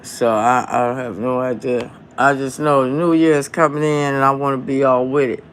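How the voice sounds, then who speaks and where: A man hosting a live stream from home, talking in a heated, profane, drawn-out rant into his phone. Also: mid-range voice, steady tone, a bit bright, slight background noise. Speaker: livestream host.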